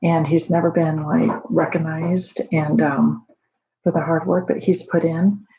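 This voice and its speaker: A mother in casual home video talk, rambling warmly with many fillers and restarts, proud of her daughter. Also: low-pitched, level tone, a little slow. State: emotional, near tears at times. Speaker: proud mother sharing a story. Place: home at night. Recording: dull lo-fi home recording.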